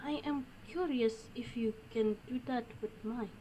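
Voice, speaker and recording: A woman voicing a troubled young female patient in a game, speaking in a slow, plain way. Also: a little high, dark tone, a little hiss or hum, close to an everyday voice, poor audio. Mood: tense. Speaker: game character. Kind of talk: game dialogue.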